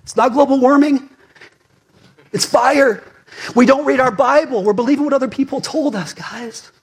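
A man's voice: very high voice, normal speed, husky. Fired-up man preaching a sermon. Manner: fired-up, conversational preaching with big swings from loud to hushed. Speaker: pastor.

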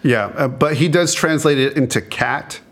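A man's voice: a little high, moderate pace, fairly bright tone. A married man co-hosting a podcast in casual chat, joking and self-deprecating with frequent restarts. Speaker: podcast co-host.

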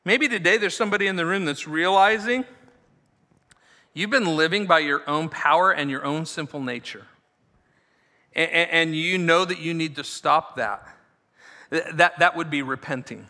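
A male pastor delivers a sermon in a chatty, animated way, tossing "right?" to the room between points. His voice sits high and rings very bright. The sound carries a long reverb, as from a church sanctuary. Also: moderate pace. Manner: animated, conversational, frequent "right?" asides.

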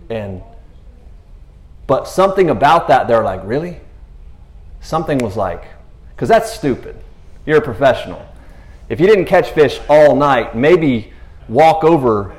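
This is a man preaching a casual sermon. He retells the story in an animated way and acts out the people in it. His voice sits at a middle pitch, and he drops in laughing asides.

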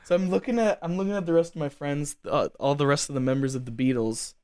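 A man's voice: fairly high pitch, quick pace, darkish tone, clear, resonant tone, no echo, studio quality. A young man telling a casual story at length, rambling with lots of fillers like "like". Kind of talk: casual anecdote.

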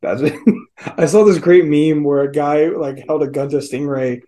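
A man talks through a film with his co-host in a loose, casual way. His voice sits a bit high, and his talk is peppered with fillers and swearing. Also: moderate pace, mellow. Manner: loose and profane, lots of fillers. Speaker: podcast co-host. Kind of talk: casual movie chat.

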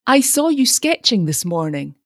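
A fresh, breathless young woman, eager and bright, as a woman reading a storybook voices her. Her pitch moves lively, and the recording is close and dry. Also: normal speed, no echo.

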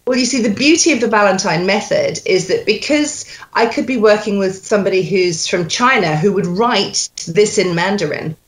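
A woman's voice: medium pitch, moderate pace, hardly any pauses. A woman working as a dialect coach, animatedly demonstrating sounds and accents to an actor. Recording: echoey room.

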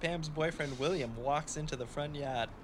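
A man's voice: fairly high pitch, moderate pace, noisy background. A man co-hosting a comedy podcast, narrating an improv scene with a joking manner. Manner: joking, laughing. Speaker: podcast co-host. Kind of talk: casual chat and scene narration.

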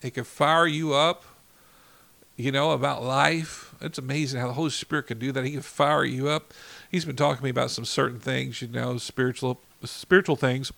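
A man's voice: mid-range voice, fairly even intonation, normal speed, vocal fry, fairly bright tone. A man ministering in an informal devotional talk, enthusiastic and fired up, often saying "you know.".

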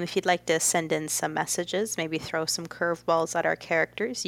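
A woman's voice: low voice, gravelly, fairly bright tone, no echo. A woman co-hosting a tabletop role-playing podcast, reading out the sign-off. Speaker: podcast co-host and player. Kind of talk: casual podcast outro.

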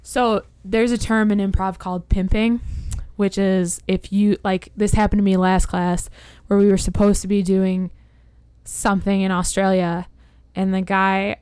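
Woman podcast guest, chatty storyteller, crisp voice, dry sound. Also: mid-range voice, a little mellow, no echo. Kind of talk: casual chat.

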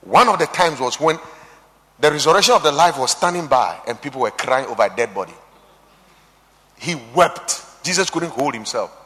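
A high-pitched man preaches with a wildly animated voice, swinging from shouts down to near-whispers as he quotes scripture. His sermon rings with a long reverb, as in a large hall. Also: normal speed. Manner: preaching with sudden shouts and quiet drops, quoting scripture.

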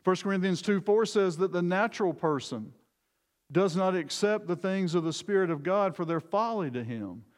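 A man's voice: sits high, animated, moderate pace. A male pastor preaching a sermon in an earnest, emphatic way, often repeating words as he goes. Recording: long reverb of a large hall.

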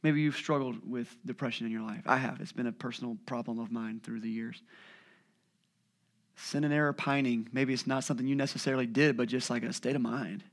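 Animated male pastor preaching a sermon. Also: medium pitch, fairly quick. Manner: animated storytelling, acting out family voices; drops to a hushed voice on heavy points.

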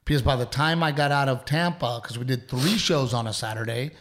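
Young adult male podcast co-host, animated and profane when telling stories. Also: mid-range voice, fairly quick. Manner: animated, acts out quotes, swears. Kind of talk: casual storytelling chat.

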